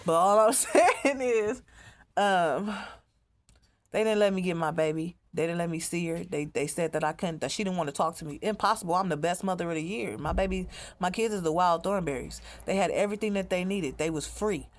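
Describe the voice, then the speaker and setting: A woman's voice: lowish voice, fairly quick. A woman speaking in a rambling, profane monologue as a mother telling her own story, often repeating herself. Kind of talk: emotional monologue to camera.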